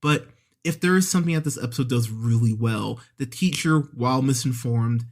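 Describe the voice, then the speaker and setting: A man's voice: mid-range voice, fairly quick. A man hosting a movie podcast, reviewing an episode in a casual, chatty way with frequent laughs and fillers. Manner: chatty, laughs often, many fillers and restarts.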